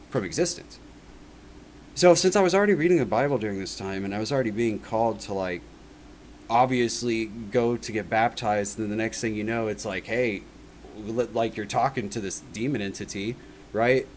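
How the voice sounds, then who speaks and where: A man at an ordinary middle pitch speaks an earnest, rambling testimony straight to camera. His talk loops and doubles back, packed with "like" and "right?", as he works through his account. A faint noise sits under the voice. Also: darkish tone. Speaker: vlogger giving a personal testimony. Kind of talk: casual spoken monologue.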